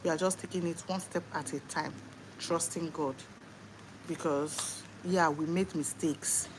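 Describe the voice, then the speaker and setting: A young Nigerian mother speaks earnestly and with faith on a casual livestream from home. Her voice sits a little low. A clear hiss of background noise runs under her words. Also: fairly even intonation, a little slow. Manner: earnest, faith-filled talk. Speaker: livestream host.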